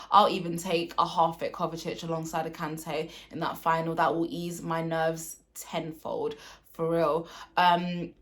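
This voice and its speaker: A woman giving an unscripted post-match reaction as a fan, ranting in frustration with many ums and repeated phrases, upset and close to tears. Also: lowish voice.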